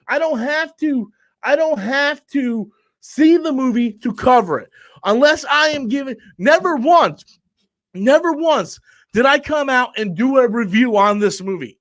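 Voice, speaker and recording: A man with a notably high voice hosts a live-stream discussion. He rambles and repeats himself, and turns combative when he answers critics. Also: lively intonation, unhurried, fairly bright tone. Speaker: channel host.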